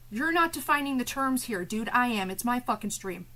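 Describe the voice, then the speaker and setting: A woman's voice: a little high, lively intonation, fairly quick, few pauses, bright, forceful tone, rough recording. A woman streamer ranting live at her chat, swearing and confrontational, with biting sarcasm.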